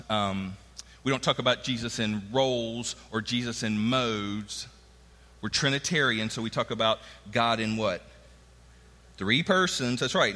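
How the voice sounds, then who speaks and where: A man's voice: mid-range voice, pushed and bright, in a large hall. A man preaching a sermon in a conversational way, acting out the quoted lines of the people in his stories. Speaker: pastor.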